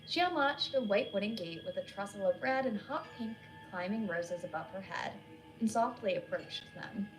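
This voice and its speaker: Woman narrator, mid-pitched, steady scripted read, faint music bed. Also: moderate pace, rough recording. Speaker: horror story narrator.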